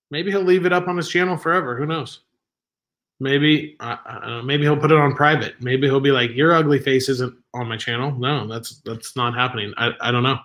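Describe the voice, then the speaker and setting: A medium-pitched, fairly bright male voice belongs to a Southern Californian standing in as livestream host from home. He rambles, jokes at his own expense, and reads the chat out loud.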